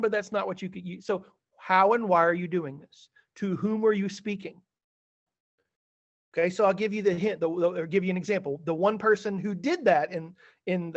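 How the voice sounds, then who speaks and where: Animated teacher on a muffled video call. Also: male voice, high-pitched. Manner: chatty, animated, a bit theatrical. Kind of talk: online class feedback session.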